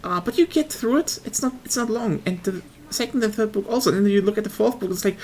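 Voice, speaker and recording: A woman's voice: mid-range voice, quick pace, few pauses, darkish tone. A woman streamer, not a native English speaker, chatting casually on a livestream in a rambling, swearing, self-mocking way.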